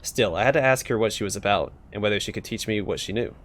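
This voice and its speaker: A man's voice: on the low side, fast talker, fairly bright tone, close to an everyday voice. A man voicing a languid, bored talking skull of a pleasure-seeker, in a sultry, languorous manner. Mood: storytelling.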